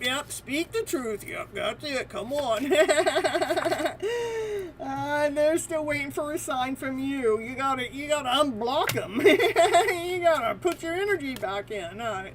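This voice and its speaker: A woman's voice: sits high, background noise. A woman giving a live tarot reading in a playful, teasing way, laughing often between her messages. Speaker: tarot reader.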